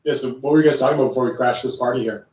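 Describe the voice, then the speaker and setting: A man joining an online audio chat, speaking quickly and matter-of-factly. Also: medium pitch, darkish tone. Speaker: guest in an online audio space. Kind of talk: casual chat. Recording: roomy, distant online audio.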